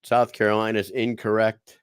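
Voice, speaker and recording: A man co-hosting a casual podcast, telling stories in an animated, profane way. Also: lowish voice, moderate pace, clear, resonant tone, dry recording, studio quality. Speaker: podcast co-host.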